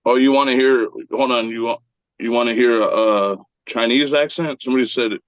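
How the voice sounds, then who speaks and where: A man's voice: mid-range voice, steady tone, a little fast, clear, resonant tone, no room sound, muffled recording. A man joking around with crude banter in a casual group chat. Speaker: stream regular.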